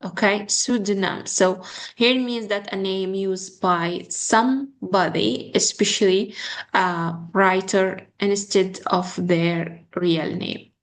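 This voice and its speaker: A young woman teaching an online English pronunciation lesson. She halts often with fillers and slowly repeats words as models. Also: mid-range voice, fairly even intonation.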